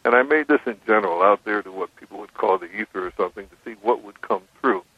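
A man calling in as a radio guest, telling his story in a measured way with frequent restarts. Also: lowish voice, no echo. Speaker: guest describing his recording experiments. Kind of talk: phone-in radio interview. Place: on a phone call to a radio show. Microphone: telephone. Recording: dry tinny phone line.

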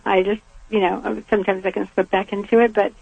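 An older woman from the American South speaks earnestly and reflectively, now and then with a soft laugh. Her voice is gravelly and a little husky. The sound is dry and tinny, as if it comes over a phone line. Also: medium pitch, little pitch movement, fairly quick, no room sound. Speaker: guest. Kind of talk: reflective conversational interview.

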